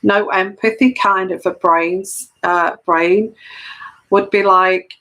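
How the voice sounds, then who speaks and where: A woman speaking slowly in an unhurried, middle-pitched voice. She works as an intuitive tarot reader and talks straight to camera in an earnest, explanatory way, circling back and repeating phrases to drive her point home. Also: steady tone, bright, forceful tone, rough recording. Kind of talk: solo camera monologue of personal commentary.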